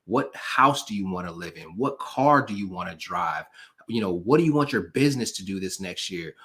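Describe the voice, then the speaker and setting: Man, motivational live-stream host, emphatic preacher-like repetition, casual, speaks straight to viewers, somewhat low voice. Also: lively intonation, moderate pace, a bit bright. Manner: casual, talks straight to the audience. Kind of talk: motivational pep talk to viewers.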